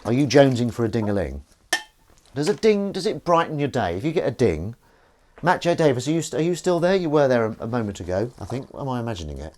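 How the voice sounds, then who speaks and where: A man's voice: mid-range voice, sing-song, fast talker, darkish tone. A man hosting a casual live stream, chatting and reading out viewer comments in a playful way. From Northern England. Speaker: livestream host. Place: home kitchen while washing up.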